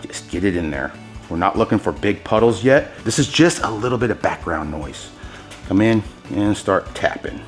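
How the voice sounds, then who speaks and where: A man hosting a hands-on epoxy tutorial, talking straight to his viewers, excited by his own results and handing out pro tips as he works. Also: fairly low pitch, normal speed, soft background music. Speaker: host demonstrating epoxy countertop techniques.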